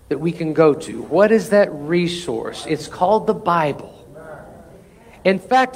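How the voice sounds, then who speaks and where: A man preaching a morning sermon as pastor, earnest and leading the congregation in call-and-response. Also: high voice. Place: church sanctuary.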